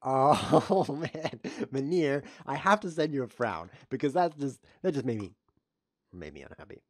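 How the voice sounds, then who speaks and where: Speaking fairly quickly in a medium-pitched voice, a man narrates his own online chess game live. He mocks himself with dry humor and lets out abrupt yelps at his blunders. The audio is studio quality, free of echo.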